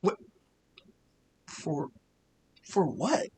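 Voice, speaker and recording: A man voicing a wary young male friend who speaks quietly and hesitantly. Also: on the high side, very animated, drawn-out words, husky, heavily acted. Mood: uneasy.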